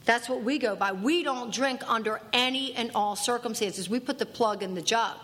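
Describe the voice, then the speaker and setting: A woman's voice: a little high, normal speed, fairly bright tone, lightly acted. A woman voicing a stern male recovery mentor who scolds bluntly and repeats himself. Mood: scolding.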